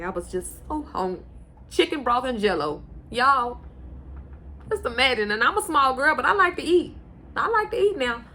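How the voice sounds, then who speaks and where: A young woman with a Houston accent tells a personal story in a casual vlog. She acts out what people said by jumping her pitch. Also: slight background noise. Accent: Houston, Texas. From Houston, Texas. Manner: animated, acts out quoted lines with pitch jumps. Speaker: vlogger, first-time mom.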